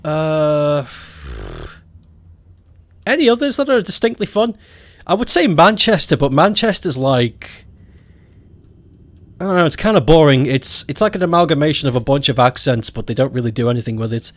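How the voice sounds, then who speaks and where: A man's voice: a little high, moderate pace. A man with a Scottish accent chatting casually as a game streamer, joking and laughing often. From Scotland. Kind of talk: casual chat while gaming.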